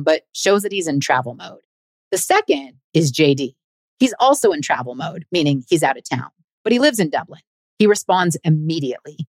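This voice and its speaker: Lively low-voiced woman storyteller. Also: no echo. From United States. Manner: expressive, wry storytelling. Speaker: podcast host and comedian. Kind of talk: scripted travel story narration.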